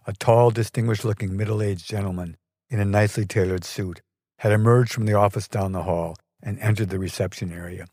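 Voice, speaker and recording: Male podcast storyteller, low voice, measured and wry, dry close sound with faint music. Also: steady tone, a little mellow, no echo. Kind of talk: scripted personal story narration.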